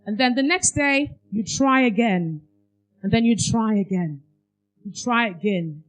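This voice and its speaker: A woman's voice: on the high side, animated, a little slow, faint music behind, poor audio. Woman quizzing a workshop audience. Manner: quizzes audience with fill-in questions. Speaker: workshop speaker. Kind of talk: interactive parenting workshop talk. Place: conference hall.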